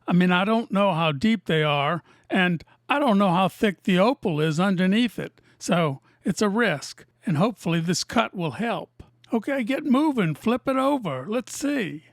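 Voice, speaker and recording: A woman who cuts and sells opals, narrating her workshop video in a deadpan, teasing way. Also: mid-range voice, moderate pace, hardly any pauses, dry recording, clean studio sound. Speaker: opal cutter and seller. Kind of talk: narrated lapidary video with jokes.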